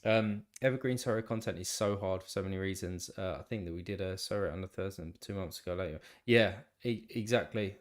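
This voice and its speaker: A congested man with a nasal, slightly tired voice that sits a little low. He hosts a laid-back live stream and rambles along, restarting his sentences and answering viewers by name. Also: brisk, few pauses. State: congested, still a bit tired. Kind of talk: casual live stream chat.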